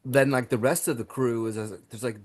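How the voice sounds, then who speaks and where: A man in the middle of a relaxed podcast chat about a horror film, his voice sitting at an ordinary pitch. He talks with loose enthusiasm, piling up fillers and starting sentences over as he goes. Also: fairly quick. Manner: enthusiastic, many fillers and restarts. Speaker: podcast co-host. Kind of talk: casual movie review chat.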